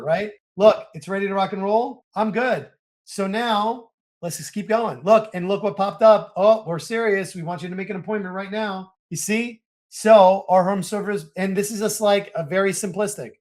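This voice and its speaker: A man hosting a screen-share software walkthrough, narrating each click to viewers in an excitable, hyped-up way. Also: high voice. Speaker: software tutorial host.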